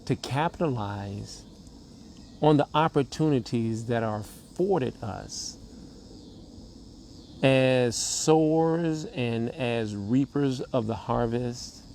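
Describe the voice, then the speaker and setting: A man co-hosting a relationship talk show, speaking in a measured, preacher-like cadence with long pauses. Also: medium pitch, dark tone, slight background noise. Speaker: co-host, relationship coach. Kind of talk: slow motivational talk.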